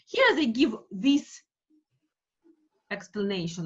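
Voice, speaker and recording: Slow, lively woman teacher. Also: high-pitched. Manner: slow, careful, repeats words for drilling. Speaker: English phonics teacher. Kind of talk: online class teaching. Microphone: video call. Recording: dull lo-fi online call audio.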